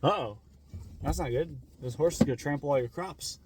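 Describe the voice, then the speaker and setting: A man voicing a crowd of excitable villagers who swing between cheering and dismay in a told folk tale. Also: fairly high pitch, fairly quick, background noise, lightly acted. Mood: worried. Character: excitable villagers reacting in chorus.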